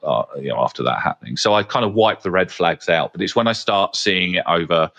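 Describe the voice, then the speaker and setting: A podcast host tells casual anecdotes in a frank, chatty way, with plenty of fillers and the occasional swear word. His voice is low-pitched, gravelly and animated, fairly bright in tone and a little fast.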